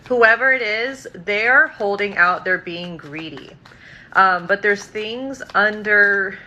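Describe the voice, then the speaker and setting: A woman's voice: mid-range voice, pushed and bright, a little hiss or hum, low-quality recording. A woman giving tarot readings on a livestream, casual and scattered, with frequent ums and likes and free swearing.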